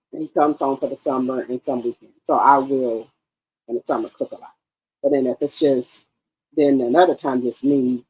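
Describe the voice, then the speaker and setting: A woman's voice: low-pitched, breathy edge, poor audio. A woman in her forties hosting a live stream, chatting casually and emphatically straight to her viewers. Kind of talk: casual chat.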